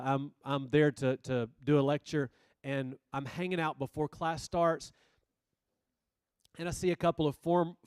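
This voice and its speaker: A man giving a sermon as youth minister, telling stories with lively asides. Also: mid-range voice, smooth, dry recording. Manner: storytelling, animated asides.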